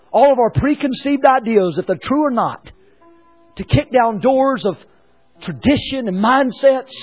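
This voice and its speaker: A man preaching a sermon as pastor, swinging between hushed lines and shouted ones. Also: very high voice, slightly rough, narrow, tinny audio.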